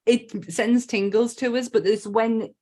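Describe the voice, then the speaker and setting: A woman's voice: fairly high pitch, fairly even intonation, measured pace, warm tone. A woman co-hosting a podcast, talking enthusiastically and with emphasis in casual chat. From North East England. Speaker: podcast co-host.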